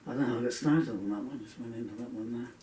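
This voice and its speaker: A man's voice: mid-range voice, very fast, dark tone, slight background noise. A man, a singer-songwriter chatting casually between songs in a rambling, earnest way that trails off. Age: 60s. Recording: echoey room, distant dull lo-fi mic.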